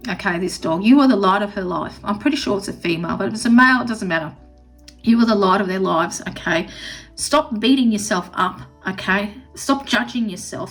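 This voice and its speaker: A woman's voice: medium pitch, rough recording. A woman tarot reader giving a pet-spirit reading to camera. She is earnest and reassuring, close to tears, and keeps checking in with "okay?". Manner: earnest and reassuring, with frequent 'okay?' tags.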